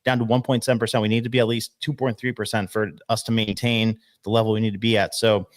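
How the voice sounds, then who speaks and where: A man's voice: fairly low pitch, little pitch movement, quick pace, no room sound, clean studio sound. A man hosting a casual podcast, talking loosely with plenty of fillers and laughing along.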